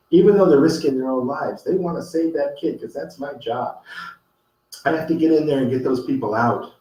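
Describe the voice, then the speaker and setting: A man's voice: medium pitch, a little mellow. A man telling a personal story and giving a motivational talk, earnest and rambling, with many fillers and restarts. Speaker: host. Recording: echoey room, distant from the mic.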